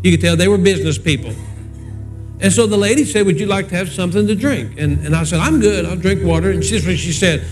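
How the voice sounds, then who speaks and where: Older male pastor, 60s, high-pitched and homespun, preaching over soft music. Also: fast talker. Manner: folksy, conversational storytelling. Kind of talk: sermon with storytelling and prayer.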